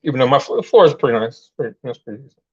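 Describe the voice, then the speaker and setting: A man's voice: mid-range voice, animated, racing, husky, no room sound. Rambling man on a dull lapel mic. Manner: rambling, restarts often, talks straight to viewers. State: out of breath. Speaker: channel host. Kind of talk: casual live chat while gardening. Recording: dull, dry lo-fi sound.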